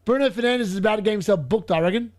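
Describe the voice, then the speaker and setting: A young man commentating live on football matches for a fantasy football stream, chatting along and bursting into shouts at near misses. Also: sits high, racing. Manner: chatty, muttering asides between reactions.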